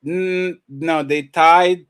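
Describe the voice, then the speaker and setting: A man co-hosting a casual livestream chat, excitable and profane, laughing often. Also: on the high side, drawn-out words, clean tone, no room sound, clean studio sound. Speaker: co-host.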